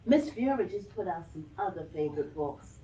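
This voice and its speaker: A woman librarian reading a picture book aloud to small children in an animated, sing-song way, recorded in a library. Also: lowish voice, brisk, background noise. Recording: distant, dull lo-fi sound.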